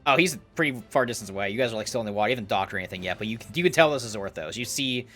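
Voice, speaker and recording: A man's voice: fairly low pitch, lively intonation, rapid-fire, a bit bright, soft background music. A man running a tabletop game as game master, narrating loosely with many fillers and laughs.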